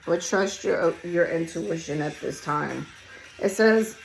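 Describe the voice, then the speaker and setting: A hoarse woman, losing her voice, giving a casual collective tarot reading in a blunt, emphatic way and swearing freely. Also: deep voice, slow pace, slight background noise, low-quality recording. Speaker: tarot reader. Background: song playing quietly.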